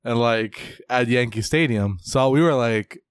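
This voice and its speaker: A man chatting casually about soccer, laughing often and breaking into high exclamations. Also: a little slow, clear, resonant tone, dry recording. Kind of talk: casual chat.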